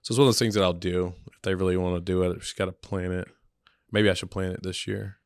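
A man's voice: low voice, little pitch movement, fast, dry recording, studio quality. A man chatting casually, telling family stories with frequent laughter and acted-out quotes. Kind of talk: casual storytelling chat.

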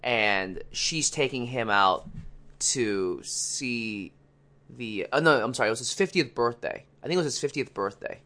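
A podcast co-host rambles through a long anecdote in casual chat, acting out other people's lines. His medium-pitched voice is expressive and sharp in tone, moving a little slowly.

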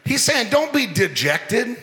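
A man preaching a lively sermon as pastor, joking and mimicking people as he talks. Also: very high voice, a little slow. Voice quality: animated, playful, mimics people. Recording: long hall reverb.

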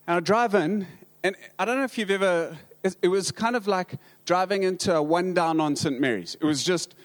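A man with a South African accent, a pastor telling humorous stories in a sermon, halting with many restarts and dry humor. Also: sits high.

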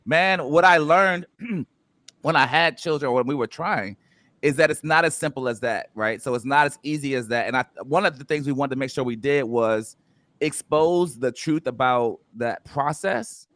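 A man's voice: mid-range voice, normal speed, a bit bright, no room sound. A man hosting a casual podcast chat, playful and loose, with plenty of fillers as he leads the talk. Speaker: podcast host.

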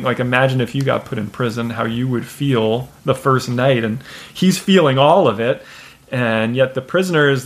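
A man preaching a sermon in a relaxed, conversational way, with lots of "you know" and "uh" and a pace that speeds up and slows down. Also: medium pitch. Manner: conversational, many fillers, shifting pace. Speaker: pastor. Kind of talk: casual sermon.

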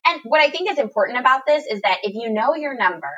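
A woman's voice: fairly high pitch, animated, fast talker, fairly bright tone, husky, muffled recording. Chatty upbeat woman giving money tips. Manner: upbeat, chatty, calls people girl, lots of you know. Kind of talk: casual chat.

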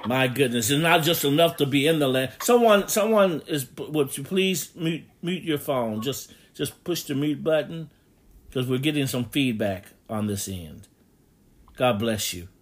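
A man preaching a sermon, reading scripture aloud and swinging between loud emphatic bursts and quiet, low asides. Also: lively intonation, a little slow.

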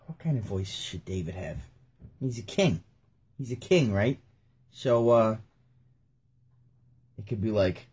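A young man reads scripture aloud for his channel. He keeps stopping for laid-back, chatty remarks in a slightly breathy, husky voice. His comments often drop off to a mutter. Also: on the low side, animated, slow, pauses often, darkish tone. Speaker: video host. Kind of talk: casual scripture reading with commentary.

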